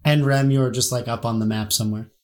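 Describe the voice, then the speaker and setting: A man chatting casually as a player in a tabletop game, full of quick, joking quips. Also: medium pitch, steady tone, a little mellow.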